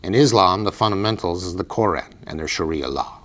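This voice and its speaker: Man, political candidate, commentary monologue, emphatic, repetitive, lowish pitch. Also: lively intonation, fairly quick, fairly bright tone. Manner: emphatic, repetitive, preachy delivery.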